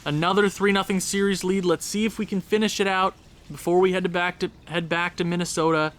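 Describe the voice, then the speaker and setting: A young man casually commentating his hockey video game season, quick and excitable as he recaps scores. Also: high voice. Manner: excitable, talks fast through game recaps. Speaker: gaming YouTuber.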